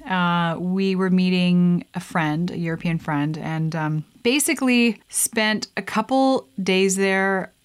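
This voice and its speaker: A woman's voice: fairly low pitch, slow pace, few pauses, clean tone. A young woman vlogging casually while she mixes a drink, chatty and playful, with frequent laughs and asides.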